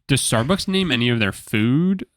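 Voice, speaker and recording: A man's voice: mid-range voice, animated, normal speed, a bit bright. A man co-hosting a podcast, chatting casually and telling joking asides. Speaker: podcast co-host. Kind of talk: casual chat.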